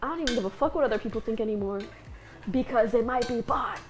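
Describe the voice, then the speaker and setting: A young woman chatting as a guest in a kitchen, animated and blunt, laughing often and swearing freely. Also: fairly high pitch, fast talker, music in the background. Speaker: guest streamer. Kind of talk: casual chat.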